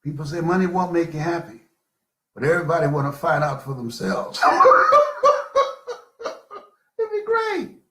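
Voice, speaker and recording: An older man giving a live motivational talk, telling personal stories with dramatic pauses. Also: a little high, very animated, echoey room. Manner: storytelling, slow with dramatic pauses. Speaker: motivational speaker.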